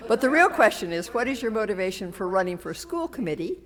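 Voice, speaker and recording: A woman's voice: mid-range voice, sing-song, fast talker. A woman with a Massachusetts accent moderating a town candidates forum in a meeting room, talking loosely with fillers and restarts. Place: police station meeting room.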